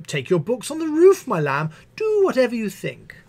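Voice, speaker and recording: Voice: mid-range voice, huge pitch swings, moderate pace, a little mellow, pitched above the performer's own voice. A reader doing a breezy, fed-up schoolteacher. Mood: breezily dismissive. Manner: breezy, dismissive, singsong endearments. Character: harried female schoolteacher, fobbing children off.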